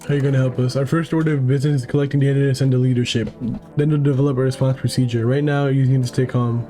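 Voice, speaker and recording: A man voicing a calm, official male emergency agent in a horror game, speaking in formal, procedural sentences. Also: medium pitch, rapid-fire, soft background music, natural voice.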